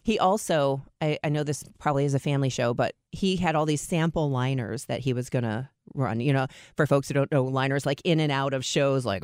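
A middle-aged woman, a radio host, telling her career story in a lively, self-deprecating way and acting out quoted lines. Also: normal speed, no room sound, clean studio sound. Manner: lively, self-deprecating, acts out quotes with big pitch jumps. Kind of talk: conversational interview storytelling.

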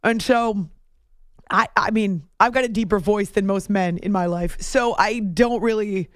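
A woman hosting sports radio in a casual, playful way, who sometimes breaks into high shouted impressions. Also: measured pace, no room sound, clean studio sound. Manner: playful, tries high movie-villain shouts.

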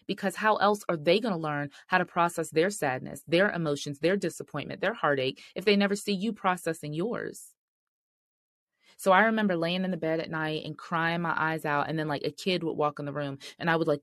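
Calling her listeners "sis" and "y'all," a middle-aged host of a faith-based marriage podcast speaks earnestly and directly. Her voice is low-pitched, and there's no echo.

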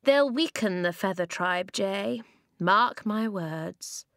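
A sneering, suspicious girl dismisses the newcomers in a storybook reading, as a woman narrator acts her out. The voice is lowish and dry, with no echo around it. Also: normal speed, a bit bright, close to an everyday voice. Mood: scornful. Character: scornful, suspicious girl of a tribe.

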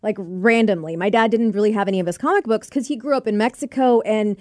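A woman's voice: mid-range voice, fast, darkish tone, dry recording, studio quality. A woman co-hosting a podcast, chatting casually with lots of "like". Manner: chatty, lots of "like", laughs easily. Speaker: podcast co-host. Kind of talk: casual chat.

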